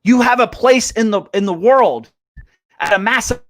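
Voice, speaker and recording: A man's voice: sits high, animated, normal speed, no echo, studio quality. A man hosting a live business show, ranting bluntly and swearing as he acts out voices of others. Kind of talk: fired-up motivational rant.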